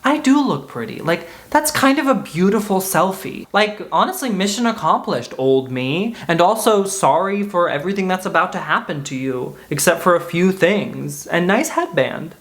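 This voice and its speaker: Young male YouTuber, comedic vlog commentary, animated, quick asides and playful voice switches. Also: high-pitched. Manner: animated, jumps between silly put-on voices and asides.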